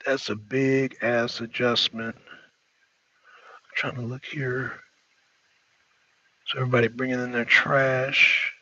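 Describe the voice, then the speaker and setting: A man's voice: medium pitch, level tone, slow pace, pauses often, pushed and bright, no echo, highs cut off. A man hosting a casual livestream talk show, rambling and slangy, often repeating himself.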